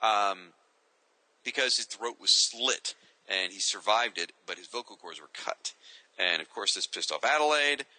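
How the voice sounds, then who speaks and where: A man's voice: on the low side, animated, measured pace, bright, forceful tone, dry recording, low-quality recording. A man co-hosting a casual comics chat, opinionated and ranting. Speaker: co-host.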